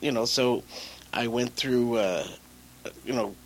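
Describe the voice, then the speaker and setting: A man's voice: mid-range voice, takes it slowly, slight background noise, poor audio. A man from California, a radio personality and rapper, telling stories as a guest in a casual interview, rambling with restarts. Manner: rambling storyteller with restarts and laughs.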